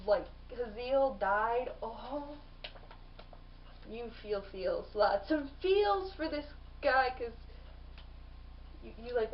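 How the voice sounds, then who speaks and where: A woman's voice: a little high, recorded from a distance, lo-fi sound, slight background noise. Bubbly young woman vlogging about books. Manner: bubbly, lots of "like" and restarts. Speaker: book vlogger. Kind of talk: casual book review vlog.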